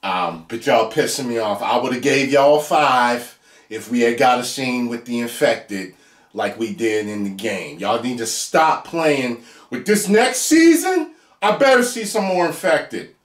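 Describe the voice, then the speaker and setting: A man talking through a TV episode in a loose, casual review, his voice leaping high and dropping low as he goes. He laughs often and breaks into loud whoops. The sound carries a noticeable room echo. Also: lively intonation, unhurried. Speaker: TV show reviewer. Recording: echoey room.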